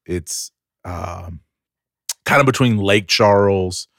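Low-voiced man telling lively stories. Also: takes it slowly, vocal fry, no echo, clean studio sound. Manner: animated storyteller who acts out quoted people. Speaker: podcast co-host. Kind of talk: casual chat.

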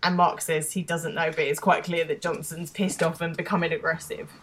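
A woman's voice: low voice, level tone, slight background noise. A woman co-hosting a podcast, retelling scenes in chatty, casual storytelling. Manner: chatty storytelling, quick to laugh. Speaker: podcast co-host. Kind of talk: casual recap chat.

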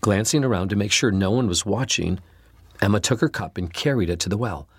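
A man narrating a storybook, reading expressively with an animated delivery. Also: lowish voice, fairly quick, breathy edge, no echo, studio quality. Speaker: storybook reader.

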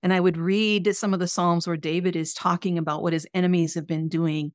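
A woman's voice: on the low side, flat delivery, brisk, dry recording, clean studio sound. A middle-aged woman sharing an earnest, emotional personal faith testimony as an interview guest. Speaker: guest, author and coach.

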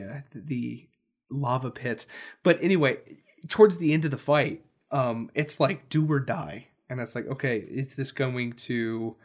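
A man who co-hosts a podcast and runs tabletop games, telling a story in a rambling casual way with many restarts. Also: medium pitch. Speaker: podcast co-host and dungeon master.

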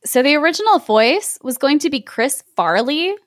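A woman's voice: sits high, sing-song, normal speed, dry recording, studio quality. A woman co-hosting a casual podcast chat, sharing trivia in a chatty way and laughing often. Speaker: podcast co-host. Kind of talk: casual chat about a film.

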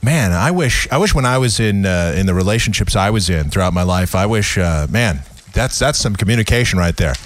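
A man's voice: on the low side, animated, fairly quick, hardly any pauses. Sarcastic, joking male radio host. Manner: sarcastic, joking, laughs often. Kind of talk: casual comedic talk radio.

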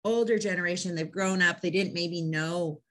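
A woman dog trainer hosts a relaxed interview. She talks with eager enthusiasm and tells lively stories about her clients. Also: lowish voice, moderate pace. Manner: enthusiastic, animated storyteller. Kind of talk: casual interview chat.

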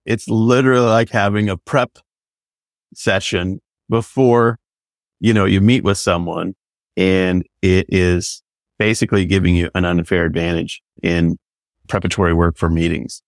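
A man's voice: low voice, little pitch movement, moderate pace, no echo, studio quality. A man who works as a business consultant and coach, talking enthusiastically in a loose, rambling way full of fillers. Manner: enthusiastic, rambling, many fillers like "you know". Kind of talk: casual podcast conversation.

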